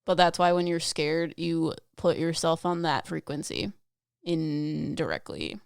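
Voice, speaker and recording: Playful woman cohost, lowish voice, kinda gravelly, jokes around. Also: animated, unhurried, no echo, clean studio sound. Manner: playful, teasing, jokey. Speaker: podcast co-host. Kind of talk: casual chat.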